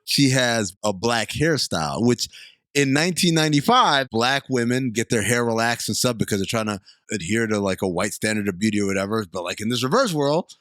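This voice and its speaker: A man's voice: mid-range voice, animated, a little fast, a bit bright, dry recording, studio quality. A man co-hosting a podcast, giving wry, giggly commentary in casual chat. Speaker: podcast co-host.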